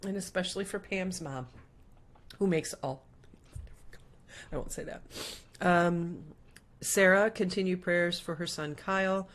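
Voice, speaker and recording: A middle-aged woman with a notably low voice hosts a casual livestream. She reads viewer comments and prayer requests aloud, chatty and loose, with plenty of ums and uhs. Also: a little slow, pauses often. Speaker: host.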